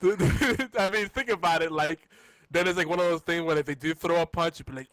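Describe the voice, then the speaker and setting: A man co-hosting a casual podcast, with a fairly high voice. He trades crude jokes in a relaxed, bantering way. The sound is close and dry. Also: fairly quick, no echo. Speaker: podcast co-host. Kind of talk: casual comedic podcast chat.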